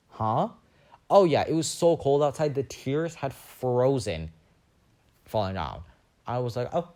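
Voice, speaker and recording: A man's voice: lowish voice, moderate pace. A young man hosting a podcast, telling a rambling story in a casual monologue and acting out the other people's voices. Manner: animated, rambling, acts out quoted voices. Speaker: podcast host.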